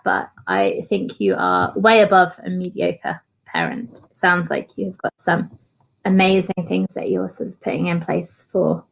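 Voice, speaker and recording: A woman's voice: fairly low pitch, creaky, slightly rough, poor audio. A woman hosting a coaching podcast, affirming her guest and thinking aloud in casual conversation.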